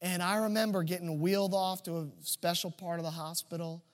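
High-voiced pastor telling a story. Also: male voice, fairly even intonation, a little fast, in a large hall. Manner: conversational, humorous storyteller. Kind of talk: sermon with personal storytelling.

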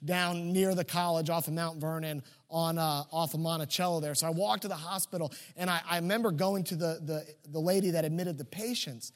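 A man with a high-pitched voice preaching a sermon, easing into a personal story with a conversational, humorous touch. His voice rings with the long reverb of a large church sanctuary. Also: fairly even intonation, brisk, hardly any pauses. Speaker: pastor.

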